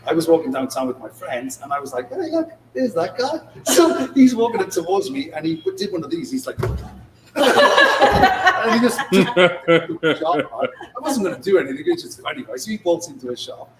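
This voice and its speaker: A man's voice: on the high side, normal speed. A man co-hosting a podcast, telling casino stories casually and acting out the dialogue. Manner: animated anecdote-telling, acts out dialogue. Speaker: casino dealer, podcast co-host. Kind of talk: casual storytelling. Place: showroom, live on location. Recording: echoey room, distant mic, background noise.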